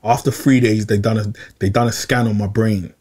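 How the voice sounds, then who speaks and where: A man's voice: fairly low pitch, fairly even intonation, fairly quick, a little mellow, slightly rough. Young guy telling a story, lots of slang, keeps repeating himself. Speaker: podcast regular. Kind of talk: casual storytelling chat.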